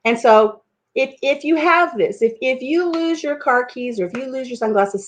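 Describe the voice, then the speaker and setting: A woman's voice: on the high side, normal speed. A middle-aged woman hosting a casual live stream at home over coffee, rambling from one tangent to the next. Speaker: livestream host. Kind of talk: casual chat.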